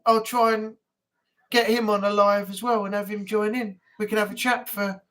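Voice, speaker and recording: A man with a British accent hosting a relaxed live stream chat, rambling casually and now and then playing with silly accents. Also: high voice. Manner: chatty, rambling, playfully tries silly accents.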